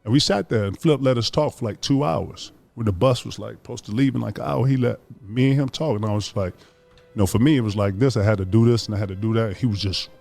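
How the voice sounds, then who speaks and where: Dude telling hoops stories real fast, acts out voices, lots of slang, music faint behind. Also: male voice, fairly low pitch, gravelly. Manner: animated, acts out quoted voices, profane slang. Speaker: former basketball player. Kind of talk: casual storytelling on a podcast.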